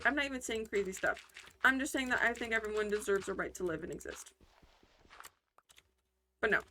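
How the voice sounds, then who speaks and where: Bright-voiced woman ranting over gameplay. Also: mid-range voice, fast talker, pauses often. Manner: rambling, heated ranting with many fillers and restarts. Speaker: gaming channel host. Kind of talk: casual gameplay commentary.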